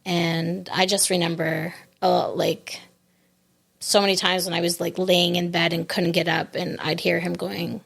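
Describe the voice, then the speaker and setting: A grieving woman telling a personal story in an interview, reflective and halting, with many restarts. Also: fairly low pitch, little pitch movement, vocal fry, fairly bright tone. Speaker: podcast guest. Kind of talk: conversational interview.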